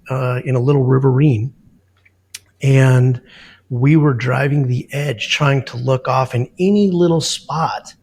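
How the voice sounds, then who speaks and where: A man with a rough, gravelly edge to his voice and a slightly husky tone talks casually as a podcast guest. He is a safari guide telling rambling field anecdotes, loose and unhurried, filled with little fillers and restarts. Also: mid-range voice, a little mellow. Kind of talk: casual storytelling.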